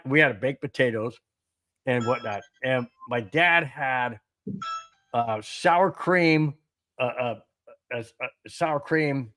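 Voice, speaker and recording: Animated man telling stories. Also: medium pitch. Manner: animated storyteller, laughs often, stumbles and restarts. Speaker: podcast co-host. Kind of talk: casual sports podcast chat.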